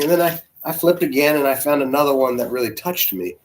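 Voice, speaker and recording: A man, a church's senior spiritual leader, preaching in a conversational, animated storytelling way with soft asides. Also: medium pitch, brisk, slight background noise. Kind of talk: storytelling sermon.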